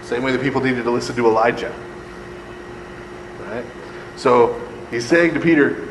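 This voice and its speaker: A man teaches Bible study to a live group in a casual, joking way, acting out voices and checking in with "right?" after nearly every point. His voice is mid-pitched and lingers with a long reverb, as if he stands in a large hall. A low air-conditioning hum runs faintly underneath. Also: moderate pace, long pauses. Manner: conversational, keeps asking "right?", jokes and acts out voices.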